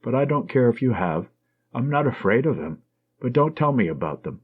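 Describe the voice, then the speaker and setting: A teasing, fond young nurse, voiced by a male audiobook reader, her husky tone lifting and dipping in lively swings. The recording sounds dull and lo-fi. She speaks warmly and playfully. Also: mid-range voice, moderate pace. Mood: tender. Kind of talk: audiobook reading.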